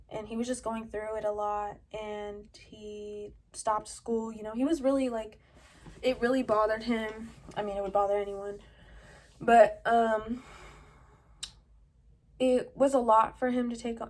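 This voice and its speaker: A young adult woman vlogging from her home, telling a personal story in a rambling, casual way, full of "like" and "um". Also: a little high. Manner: rambling, heavy use of "like" and "um", with short laughs.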